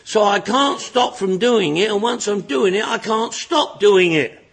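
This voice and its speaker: An older man speaks at a recovery meeting in a husky, fairly high voice. He tells blunt, joking stories and circles back to the same refrains again and again. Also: unhurried, a bit bright. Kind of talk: humorous recovery talk to an audience.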